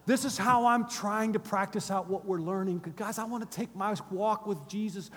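A middle-aged male pastor preaching a sermon in a church, moving between hushed conversational asides and loud urgent exhortation. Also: sits high, fairly even intonation, a little fast, few pauses. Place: church sanctuary. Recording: long hall reverb.

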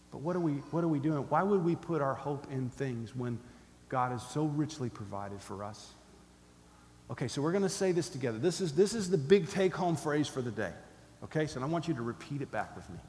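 A man's voice: a little high, animated, moderate pace, a little mellow, slight background noise. A man preaching a sermon as pastor, emphatic, leading his listeners in call-and-response. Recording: echoey hall, faint ambience.

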